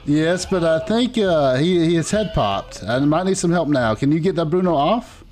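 A man's voice: a little high, animated, normal speed, darkish tone, faint music behind, natural voice. Bruno, a man doing a bumbling Italian. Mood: worried. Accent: put-on Italian. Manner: broken English, apologetic, refers to himself as "a Bruno". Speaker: roleplay player. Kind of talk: voiced online roleplay in character.

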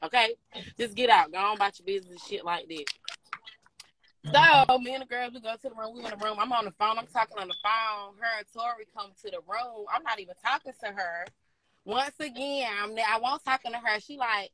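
A woman talks through a story bluntly and heatedly, swearing all the way. Her voice is bright and forceful. The sound is dry and close, with no room around it. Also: fairly high pitch, brisk, no room sound, rough recording. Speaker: storyteller recounting a fight. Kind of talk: casual profane storytelling.

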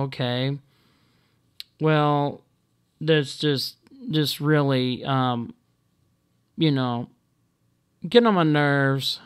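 A man talking to camera in a casual monologue, halting and full of ums and restarts, blunt and exasperated. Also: medium pitch, clear, resonant tone. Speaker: video blogger.

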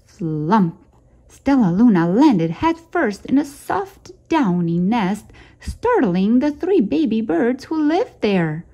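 A woman hosting a storytime channel, reading a children's picture book aloud in a gentle, expressive way. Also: on the high side, takes it slowly, dull audio. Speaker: storytime host.

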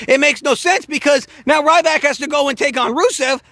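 High-pitched, ranting male reviewer. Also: fairly quick, few pauses, no room sound. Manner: profane, heated, animated ranting. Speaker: wrestling show reviewer. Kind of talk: ranting reaction vlog. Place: outdoors in snowfall.

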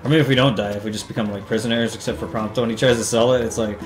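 A man's voice: lowish voice, fairly even intonation, very fast, few pauses. A young man doing casual, profane, sarcastic commentary while playing a video game. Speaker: let's play host. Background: game music.

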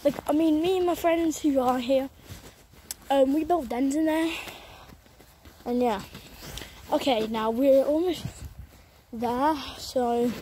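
A young woman chats her way through a walking vlog on a country road, speaking into a handheld phone camera in a rambling, apologetic style. The voice is high-pitched and mellow, with slight background noise.

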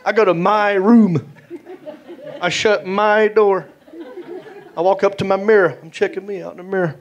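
A man's voice: sits high, moderate pace, lo-fi sound, a faint crowd. Southern man telling stand-up stories. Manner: animated, acts out voices, drawling. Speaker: stand-up comedian. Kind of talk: stand-up storytelling. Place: comedy stage. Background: audience laughter.

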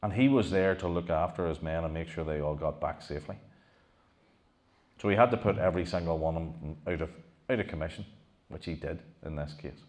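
Deep-voiced man giving a lively talk. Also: fairly quick. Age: middle-aged. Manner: animated, rhetorical questions, frequent restarts. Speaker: lecturer giving a museum talk. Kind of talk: public history talk to an audience.

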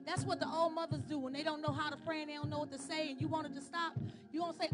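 A woman's voice: sits high, flat delivery, quick pace. A young woman leading youth worship, calling out chants and then talking casually with the congregation in a church service. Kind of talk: call-and-response worship and sermon. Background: loud worship music.

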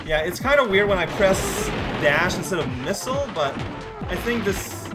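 Goofy, high-voiced man narrating gameplay. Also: normal speed. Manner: rambling, goofy, excitable. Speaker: let's play host. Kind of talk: casual gameplay commentary. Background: game music.

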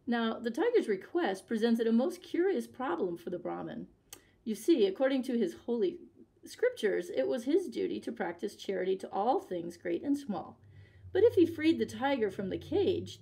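Library lady reading a kids story out loud, clear and expressive, normal pitch. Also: moderate pace, low-quality recording. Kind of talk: reading a picture book aloud.

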